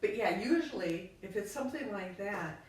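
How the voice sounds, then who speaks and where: A woman's voice: medium pitch, animated, moderate pace. A woman co-hosting a casual talk, thinking aloud in a reflective way with lots of fillers. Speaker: podcast co-host. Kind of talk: casual conversation. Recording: echoey room from far off, faint noise.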